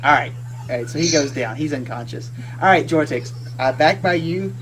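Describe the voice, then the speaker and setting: A man narrating a tabletop game as game master, halting and full of restarts. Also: on the high side, background noise. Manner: halting, many fillers and restarts.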